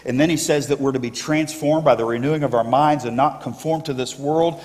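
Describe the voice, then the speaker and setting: A man's voice: medium pitch, steady tone, brisk, a little mellow. Preaching man in an echoey sanctuary. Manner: emphatic call-and-response with congregation. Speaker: pastor. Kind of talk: sermon. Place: church sanctuary.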